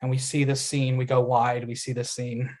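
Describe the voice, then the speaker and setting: A man pitching his screenplay to a panel at a festival event. He tells it as a vivid story and lends each character's quoted lines a touch of acting. His voice sits at an ordinary middle pitch. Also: level tone, normal speed, a little mellow.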